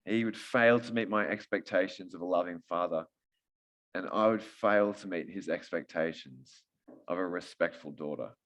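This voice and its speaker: Very deep-voiced man preaching. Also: moderate pace, a bit bright. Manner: joking, conversational. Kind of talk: sermon.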